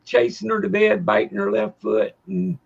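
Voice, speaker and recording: A man's voice: sits high, very animated, moderate pace, gravelly, husky, lo-fi sound. A man co-hosting a casual livestream chat, drawling and easygoing. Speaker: co-host.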